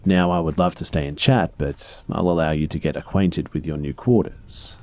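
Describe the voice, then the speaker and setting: A man's voice: a bass voice, steady tone, moderate pace, a little mellow. A man voicing a coldly polite professor who speaks with patronizing, courteous menace. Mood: smooth, menacing. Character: coldly polite male professor experimenting on a captive.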